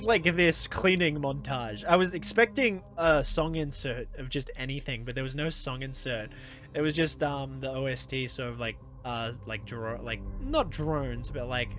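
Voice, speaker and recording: A man gives a casual, rambling movie recap at a middling pitch, full of fillers and quick laughs. Faint music sits low behind his voice. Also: a bit bright. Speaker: YouTuber reviewing a movie.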